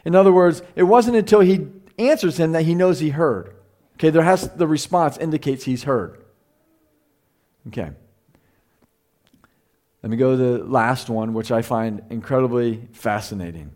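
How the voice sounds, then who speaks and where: A man's voice: mid-range voice, lively intonation, moderate pace, long pauses, darkish tone. Chatty man teaching a Bible class. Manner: chatty, repeats himself, asks the room questions.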